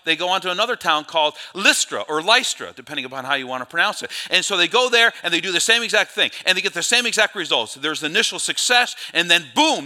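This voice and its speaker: Lively, bright-voiced male pastor preaching. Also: sits high. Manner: animated storytelling, self-correcting asides. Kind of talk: sermon.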